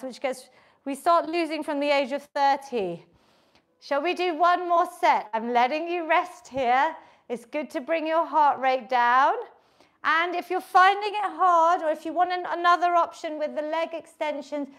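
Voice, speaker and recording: Woman fitness instructor, high voice, slow unhurried delivery, encouraging. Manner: encouraging, counts reps and coaches form. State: out of breath at times. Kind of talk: live workout instruction. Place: home workout space.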